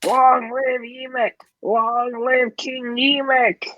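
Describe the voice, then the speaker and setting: A man doing a squeaky frantic goblin underling. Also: takes it slowly, dry recording. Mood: excited. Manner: high-pitched, excited, broken speech. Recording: dull lo-fi audio.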